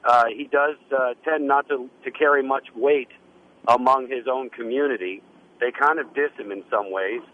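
Brief: a hesitant male radio guest, mid-pitched, lots of restarts, muffled lo-fi audio. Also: moderate pace. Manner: hesitant, restarts, many fillers. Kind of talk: radio debate.

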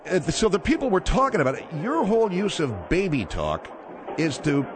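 Lively, brisk male radio host. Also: high-pitched, background noise. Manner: brisk, interrupting, wry. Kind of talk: comic talk radio hosting. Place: radio studio.

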